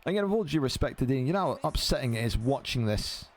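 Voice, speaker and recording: A man commentating a video game football match with casual banter, animated and swearing freely. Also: medium pitch. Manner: animated, swears casually, quick play calls.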